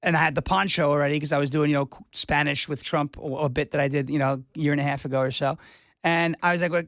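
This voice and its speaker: Excitable man guest, slightly high voice. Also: fast talker, no echo, studio quality. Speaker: guest, comedian and impressionist. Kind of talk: casual interview chat.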